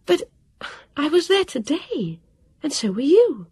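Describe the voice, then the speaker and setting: A woman reading aloud, voicing a young girl who protests and exclaims in a much higher voice. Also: big pitch swings, unhurried, darkish tone, no room sound, clean studio sound. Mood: indignant. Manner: high, exclaiming. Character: young girl evacuee, indignant and sleepy.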